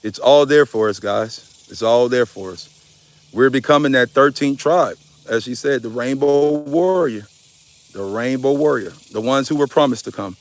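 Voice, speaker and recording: A man's voice: mid-range voice, normal speed. A man giving an impassioned spiritual talk, emphatic and preachy, with casual slang and swearing, often calling his listeners y'all. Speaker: spiritual speaker.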